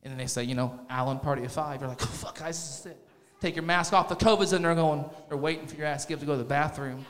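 A man's voice: a little high, rapid-fire, fairly bright tone. Man, thirties, stand-up comedian, crude rambling delivery, echo of a club hall. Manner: crude, rambling, self-mocking. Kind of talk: profane stand-up set.

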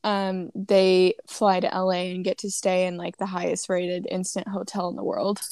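A woman's voice: lowish voice, monotone, moderate pace, darkish tone, dry recording. Dry-humored woman co-host. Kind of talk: casual chat.

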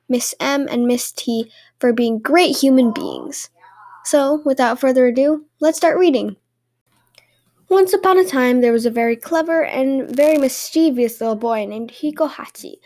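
A woman hosting a podcast and reading fairy tales aloud with lively, expressive storytelling. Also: high-pitched.

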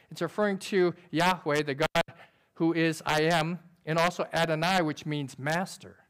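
A man preaching a sermon in an earnest, conversational way, using quick everyday illustrations. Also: high-pitched. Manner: describes himself as sober by nature.

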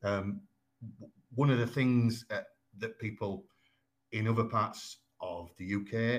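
A man with a Yorkshire accent talks as an interview guest in a fairly low voice. He explains at an even, measured pace, pausing on ums and restarting his phrases. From Yorkshire, England. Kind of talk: conversational explaining.

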